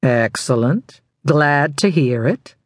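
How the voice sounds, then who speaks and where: A woman voicing a smug, controlling older male criminal mentor, speaking slowly and with measured self-satisfaction in an audiobook. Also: sits low, animated, no room sound, heavily acted.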